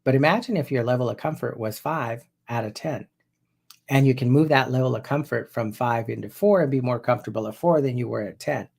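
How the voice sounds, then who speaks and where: Hypnotherapist, 50s man, gravelly, chatty teaching tone, loose and rambling delivery. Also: medium pitch, fairly quick, darkish tone. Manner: conversational and loose, often restarting sentences. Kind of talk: casual spoken teaching to viewers.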